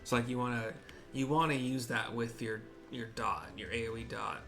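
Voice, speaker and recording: A man chatting his way through a video game for blind viewers in a mid-pitched, everyday voice. He rambles, hesitates and corrects himself as he goes, with faint game music playing behind him. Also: steady tone, moderate pace, creaky, pushed and bright. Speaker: gaming streamer narrating for blind viewers. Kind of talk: casual gameplay commentary.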